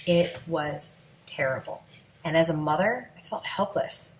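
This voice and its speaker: A woman's voice: low voice, unhurried, slight background noise. Candid woman telling her story, echoey room. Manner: candid, emotional, conversational. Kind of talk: personal storytelling vlog.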